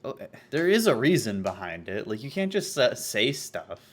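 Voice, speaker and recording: Guy on a live stream roasting a video, sarcastic, swears, mid pitch. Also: very animated, moderate pace. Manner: sarcastic, swearing, rambling asides. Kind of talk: casual live-stream reaction.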